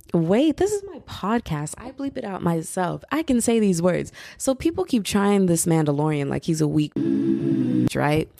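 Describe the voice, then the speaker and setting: A young woman hosts her own podcast solo, chatting casually and animatedly with plenty of fillers. Her voice is low-pitched and a little mellow with vocal fry, captured in clean studio sound with no echo.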